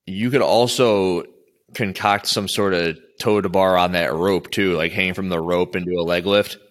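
Deep-voiced man chatting as a coach. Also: fairly even intonation, normal speed. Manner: rambling, with frequent restarts. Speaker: coach interviewing an athlete. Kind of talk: casual interview chat.

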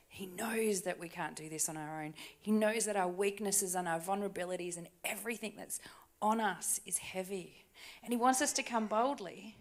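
A woman preaching a sermon in a church, talking conversationally with tag questions and dropping to soft, hushed asides. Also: lowish voice. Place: church stage.

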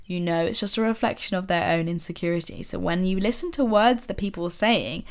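Chatty woman, lively questions. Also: lowish voice, vocal fry. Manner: animated, rhetorical questions, dips into soft asides. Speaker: podcast host. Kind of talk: casual motivational monologue.

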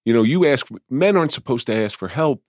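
A man's voice: medium pitch, animated, brisk, no room sound, clean studio sound. A man hosting a podcast interview, talking reflectively and thinking aloud, a former police officer. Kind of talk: interview conversation.

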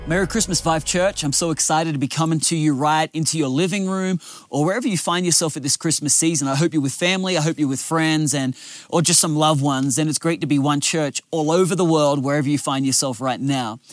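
A man's voice: a little high, a little fast, no echo, faint music behind. A man, a lead pastor giving a sermon outdoors by a lake, in an earnest, conversational storytelling way.

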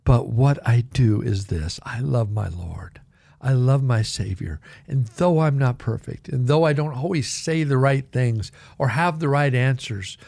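A pastor hosting a short radio devotional, talking in a folksy, conversational way with light jokes. He shifts into earnest, heartfelt scripture reading at a middle pitch. His voice is dry and close, with no room sound around it. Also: animated, unhurried, creaky, a little mellow, no room sound.

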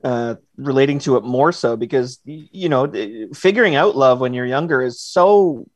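A man co-hosting a podcast, speaking casually at a middle pitch. He rambles and restarts his sentences as he thinks aloud. The sound is dry and close. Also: moderate pace, no room sound. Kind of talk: casual chat.

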